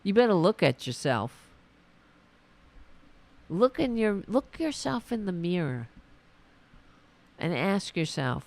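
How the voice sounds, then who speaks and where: A woman hosting a political podcast, delivering an indignant, profane rant full of restarts, her voice going hoarse. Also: lowish voice, very animated, slow, long pauses, a little mellow. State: losing her voice. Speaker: podcast host.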